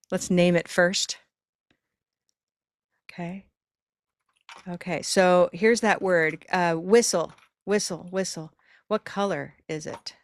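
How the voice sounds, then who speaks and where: Over a video call, a woman with a lowish, clean-toned voice teaches pronunciation in a live online class. She encourages her students and stretches words out slowly to demonstrate the sounds.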